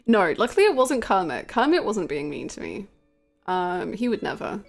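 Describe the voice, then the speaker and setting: A woman's voice: mid-range voice, sing-song, moderate pace, soft background music. A woman streaming a game live, chatting casually with her viewers in a giggly, rambling way.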